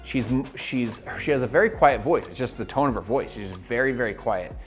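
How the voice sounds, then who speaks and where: A network marketing coach addresses viewers directly in a motivational video, full of energy, his mid-pitched voice moving quickly. Over a faint bed of background music, he performs the voices of the characters in his stories.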